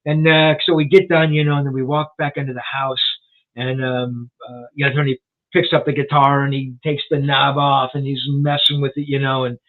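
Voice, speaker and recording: A man in his sixties, known as a rock journalist and author, shares a story in a casual interview, rambling and restarting with frequent "you know"s. His mid-range voice stays level at a moderate pace. It's recorded on a tinny, phone-like line.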